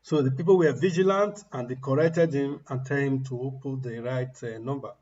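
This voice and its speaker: A man's voice: medium pitch, moderate pace, a little mellow, muffled recording. A man giving mocking, ranting political commentary on a livestream, laughing at the people he criticizes.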